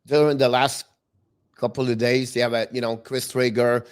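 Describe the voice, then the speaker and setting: Man with halting phrasing. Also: medium pitch, level tone, smooth. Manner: halting, restarts phrases, non-native grammar. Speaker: hockey show co-host. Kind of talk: casual sports talk.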